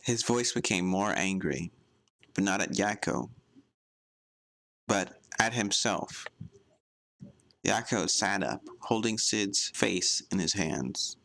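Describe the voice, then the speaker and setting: A man reading fan fiction aloud in a plain, unhurried way, close to the mic. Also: low-pitched, creaky, fairly bright tone, no room sound. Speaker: fanfic reader.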